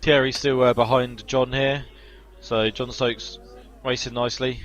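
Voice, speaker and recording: A man calls an online sim race live in a chatty, analytical voice, talking through gaps and battery use. His pitch sits in the middle, and he jumps up in excitement when a car spins. Soft music plays behind him. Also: measured pace, highs cut off. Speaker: sim racing commentator. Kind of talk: live esports race commentary.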